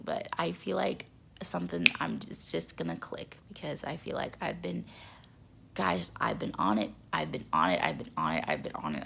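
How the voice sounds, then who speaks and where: A young woman vlogging in a casual chat to camera, excitable and repetitive, with a stuffy nose. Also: fairly low pitch, gravelly. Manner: chatty, excitable, repeats words for emphasis.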